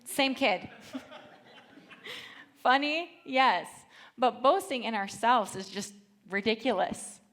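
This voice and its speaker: A woman in her thirties preaching a sermon, reading scripture aloud with earnest feeling and telling lively stories from her family. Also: a little high, slow, long pauses. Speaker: church speaker.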